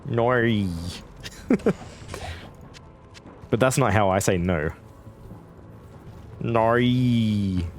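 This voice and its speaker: His lowish voice swings widely in pitch, and he talks slowly with long pauses. The man, a game streamer in his twenties, gives casual, rambling commentary and answers chat between fights.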